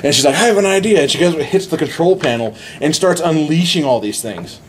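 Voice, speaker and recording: A man in casual podcast chat, retelling a movie plot excitedly with many restarts. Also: on the high side, fairly quick, a little hiss or hum. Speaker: podcast host.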